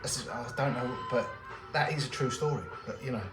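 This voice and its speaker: A man hosts a live stream from his jewellery workshop, talking in a loose, rambling, wry way as he works. The room sounds open and echoey, with music playing clearly in the background. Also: mid-range voice, brisk. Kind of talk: casual chat while working.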